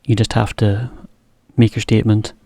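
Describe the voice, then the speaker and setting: A man giving a relaxed English lesson to Japanese learners, explaining with simple examples. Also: fairly low pitch, normal speed, breathy edge, no room sound, clean studio sound. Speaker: English teacher.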